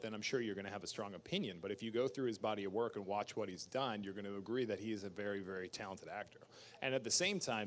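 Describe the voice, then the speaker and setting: A man, an actor guest at a fan convention panel, answering questions in a casual, emphatic way with laughs. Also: medium pitch. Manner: emphatic, animated ranting with laughs.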